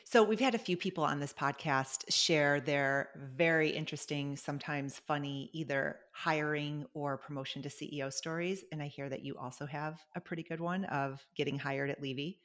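A woman hosting a business podcast who keeps the guest talking with short, encouraging remarks. Her voice sits low for a woman. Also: moderate pace, few pauses, fairly bright tone. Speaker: podcast host. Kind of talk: interview chat.

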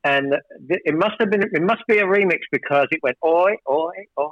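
In a dry, lo-fi recording, a high-pitched man speaks briskly about his life as a record producer. He tells studio stories in a loose, rambling interview style, repeatedly starting his sentences over.

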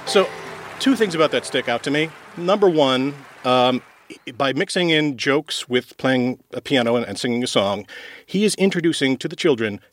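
A man's voice: medium pitch, animated, normal speed. A man co-hosting a podcast, joking in a wry, comic way. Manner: wry, comic delivery with sudden jumps. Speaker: podcast co-host. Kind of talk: casual chat.

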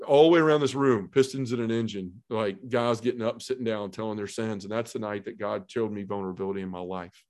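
A middle-aged man with a fairly low voice tells his personal testimony. He speaks earnestly, acts out the people he quotes, and drops to a near hush at the emotional moments. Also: quick pace, few pauses. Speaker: podcast guest telling his testimony.

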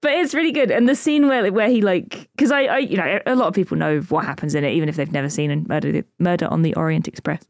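A woman's voice: lowish voice, quick pace, few pauses, a little mellow, dry recording, studio quality. A woman co-hosting a podcast in casual chat, rambling and giggly with lots of fillers. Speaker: podcast co-host.

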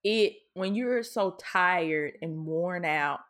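A woman with a somewhat low voice co-hosts a casual podcast chat. She talks openly and with feeling, often stopping and restarting her sentences. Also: normal speed. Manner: candid, emotional, with many restarts. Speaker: podcast co-host.

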